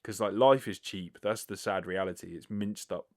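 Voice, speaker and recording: Rambling British man, lowish voice. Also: normal speed, a little mellow. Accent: British English. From Britain. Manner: rambling, self-deprecating, swears casually, lots of fillers. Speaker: podcast host. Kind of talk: casual solo podcast answering listener questions.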